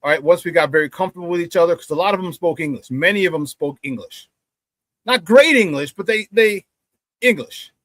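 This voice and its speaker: A middle-aged man hosting a sports talk show, telling stories with animated energy and acting out the banter he remembers. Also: high-pitched, brisk, no room sound. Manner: animated storyteller, acts out quoted banter loudly, laughs often.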